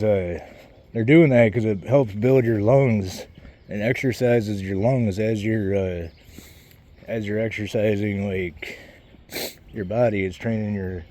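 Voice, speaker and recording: A man's voice: fairly low pitch, mellow. Rambling, out-of-breath man on a walk. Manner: rambling, swears a lot, loses his train of thought. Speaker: vlogger. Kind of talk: rambling casual vlog while walking outdoors. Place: outdoors on a walk, birds around.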